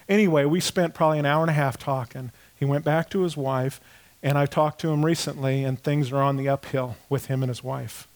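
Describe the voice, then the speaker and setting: Animated high-voiced male pastor preaching. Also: a little fast. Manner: animated storytelling, acts out voices. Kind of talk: sermon.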